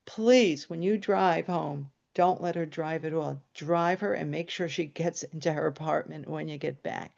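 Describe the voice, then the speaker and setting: A woman's voice: deep voice, measured pace, creaky, hardly any pauses, darkish tone, highs cut off. A woman voicing her exasperated, protective adult brother, who talks in a blunt, scolding way. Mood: pleading.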